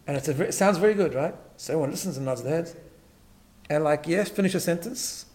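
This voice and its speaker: A man's voice: fairly high pitch, quick pace, darkish tone. A man teaching a Torah class, emphatic, often repeating words and checking in with "right?". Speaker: rabbi.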